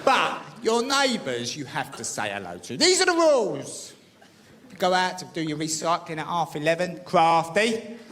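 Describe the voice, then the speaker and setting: A stand-up comedian, telling a brash, mock-panicked story on stage. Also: male voice, on the high side, very animated, moderate pace. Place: live comedy venue with audience. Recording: loud audience laughter, noisy live room.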